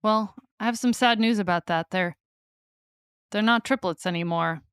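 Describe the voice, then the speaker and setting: A woman's voice: medium pitch, moderate pace, a bit bright, clean tone, no room sound, clean studio sound, close to an everyday voice. A woman playing a sly disguised rogue. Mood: prodding.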